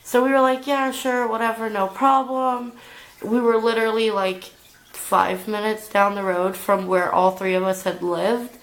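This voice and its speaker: A woman's voice: medium pitch, fairly even intonation, normal speed, poor audio. A young adult woman telling a storytime vlog, rambling along with lots of filler "like"s. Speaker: vlogger.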